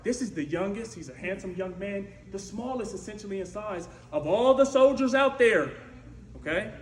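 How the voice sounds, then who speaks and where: A man preaching a storytelling sermon in a lively, conversational way, often asking "right?". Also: high voice, normal speed. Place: church sanctuary. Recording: echoey church room with faint noise.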